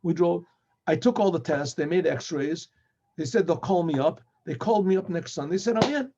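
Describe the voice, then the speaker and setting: A man, a rabbi, tells a story in lively style and acts out the dialogue between the characters in it. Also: on the high side, normal speed, noisy background. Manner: acts out quoted speech in lively back-and-forth. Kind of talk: animated storytelling retelling dialogue. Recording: dull lo-fi recording.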